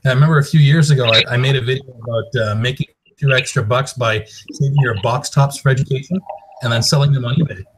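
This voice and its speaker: An easygoing man talking on a video call, stumbling and restarting as he chats. The line carries clear hiss and clicking behind him. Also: medium pitch, fairly even intonation, fast, rough recording. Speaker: YouTuber guest. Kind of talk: casual chat.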